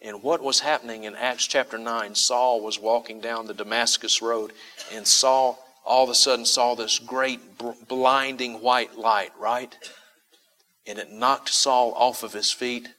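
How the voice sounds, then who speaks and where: A male pastor delivering a sermon in a bright, forward voice. He presses his points with emphatic repetition and throws rhetorical questions out to his listeners. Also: medium pitch, fairly even intonation, measured pace. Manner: emphatic, repeats key phrases for stress; asks the congregation rhetorical questions.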